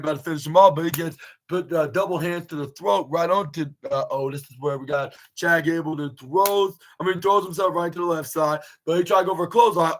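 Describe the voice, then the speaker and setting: A young man talks through a wrestling match move by move in a loose, casual podcast recap. His voice sits a little higher than most men's, and he stumbles through fillers and restarts as he goes. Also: fairly bright tone, low-quality recording. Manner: rambling, many fillers and restarts. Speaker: podcast host reviewing wrestling. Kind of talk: casual recap, play-by-play retelling.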